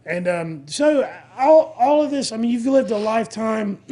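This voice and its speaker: Male interviewer with a higher voice; casual, halting questions. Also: warm tone. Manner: halting, many restarts. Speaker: podcast host.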